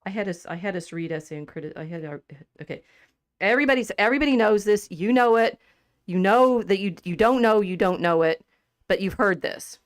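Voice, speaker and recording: A woman co-hosting a livestream, chatting casually about poetry with a lively, laughing manner and frequent restarts. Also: mid-range voice, brisk, no room sound, studio quality. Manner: animated and chatty, laughs often, trails off mid-sentence. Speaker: podcast co-host.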